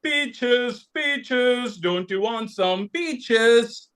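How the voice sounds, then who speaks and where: A man from India voicing a humble farmer who calls out a slow, sing-song street cry. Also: extremely high pitch, expressive, a bit bright, clean tone, full character voice. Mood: cheerful. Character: humble farmer calling out as a peach seller.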